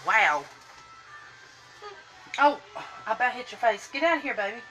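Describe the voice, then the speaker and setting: A woman's voice: on the high side, expressive, moderate pace, fairly bright tone, soft background music. A woman, chatting on a live stream while doing her makeup and greeting viewers by name in a sing-song lilt. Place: home room, indoors.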